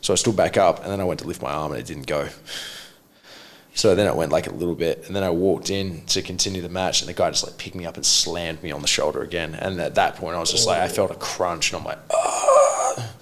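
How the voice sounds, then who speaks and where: Low-voiced man telling rambling stories. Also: steady tone, fast talker, fairly bright tone. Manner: rambling, swears freely, many restarts. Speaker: guest, martial arts coach. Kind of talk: casual podcast storytelling.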